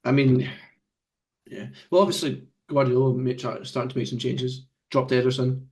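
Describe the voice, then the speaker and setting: A man in casual football banter, hosting the chat. He jokes freely and keeps things moving with questions to the others. His voice sits at an ordinary middle pitch. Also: little pitch movement, normal speed, darkish tone. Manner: jokey, leads the discussion with questions. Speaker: podcast host.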